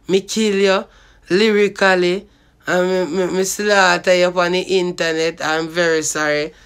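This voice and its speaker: A man's voice: sits high, pushed and bright, clean tone. A man with a Jamaican accent rambling and swearing in patois as he promotes his own party. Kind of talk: rambling vlog monologue.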